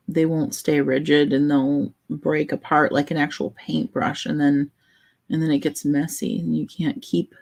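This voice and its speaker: A woman vlogger chatting in a relaxed, meandering way, thinking aloud while she colors. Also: deep voice, creaky, poor audio.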